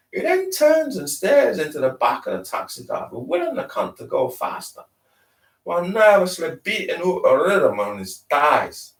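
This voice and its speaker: A man reads a novel aloud expressively, slipping into dialect for the characters. His voice sits a little high and moves animatedly. The recording is echoey and distant. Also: huge pitch swings, moderate pace, creaky. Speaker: reader. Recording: roomy, distant mic.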